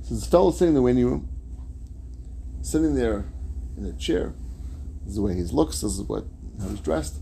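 A man's voice: medium pitch, animated, normal speed, gravelly, long pauses, mellow, a little hiss or hum. A man giving a sermon that moves from story into earnest, emphatic teaching, with Hebrew religious terms.

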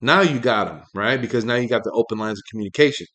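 A man hosting a talk show, ranting in a loose, profane monologue full of fillers, his pitch jumping up when he gets angry. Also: fast, fairly bright tone. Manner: rambling, heavy swearing, many fillers, pitch jumps when angry. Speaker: podcast host.

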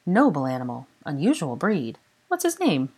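Sly, prying French aristocrat with a lively, swooping delivery, put on by a woman audiobook reader. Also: sits low, moderate pace, husky, exaggerated voice. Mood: suave, inquisitive. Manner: polite and probing. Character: sly, courteous older French marquis, curious and prying.

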